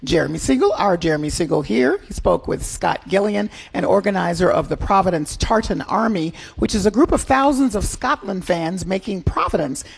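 Female radio host, gravelly fry, husky, dry wit. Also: mid-range voice, lively intonation, normal speed, few pauses. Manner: wry, laughing asides. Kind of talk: radio arts and culture chat.

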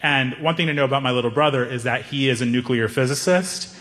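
A man telling a stand-up story, animated, acting out the people in it. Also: mid-range voice, fast talker. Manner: animated, acts out characters. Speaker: stand-up comedian. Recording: echoey hall reverb.

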